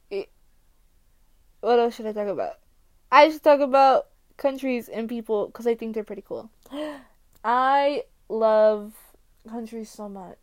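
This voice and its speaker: American girl rambling on her podcast, kinda high voice, slow, lots of um and like, loud then mumbly. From United States. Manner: rambling and excitable, jumping between topics with many fillers; swings between loud exclamations and quiet mumbling. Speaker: podcast host. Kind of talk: casual solo podcast chat.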